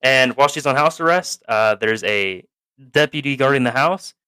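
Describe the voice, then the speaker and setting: A man's voice: medium pitch, expressive, normal speed, bright, forceful tone, clear, resonant tone, no echo. A man co-hosting a podcast, rambling through a film recap in casual, profane chat, laughing and acting out the characters as he goes.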